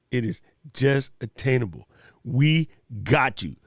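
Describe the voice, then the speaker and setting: A man's voice: on the high side, a little slow, no room sound, studio quality. A man hosting a live stream Q&A, chatting casually and animatedly with viewers in slang. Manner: animated, slangy, talks straight to chat viewers.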